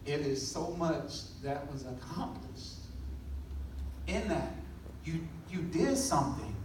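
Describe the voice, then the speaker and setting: A man giving a motivational talk, telling a story with lively delivery and acting out the people in it. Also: a little high, slow pace, heavy reverb, distant mic, a little hiss or hum, rough recording. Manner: animated storytelling, acting out voices. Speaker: motivational speaker.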